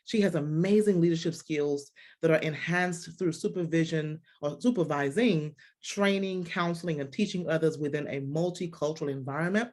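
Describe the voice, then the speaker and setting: Effusive woman podcast host. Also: sits low. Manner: warm, effusive, with frequent restarts. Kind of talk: faith-based podcast interview.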